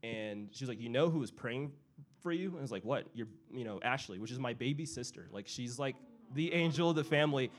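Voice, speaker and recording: A young man telling a personal story in casual chat, animated and full of fillers, acting out family members' voices. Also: medium pitch, fairly quick.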